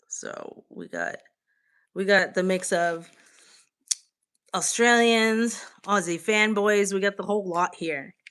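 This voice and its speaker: A woman's voice: on the low side, fairly bright tone, smooth. A woman streamer in casual livestream chat with viewers, playful and teasing, with casual swearing, snacking while she talks.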